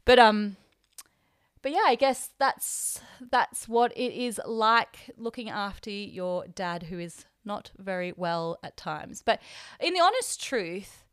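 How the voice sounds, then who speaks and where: A woman's voice: medium pitch, slow, clear, resonant tone, no room sound, studio quality. A young Australian woman hosting a podcast, telling a personal story in a chatty, emotional way and acting out the people in it. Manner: chatty, emotional, quotes herself and others in lively voices. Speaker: podcast host. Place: hotel room.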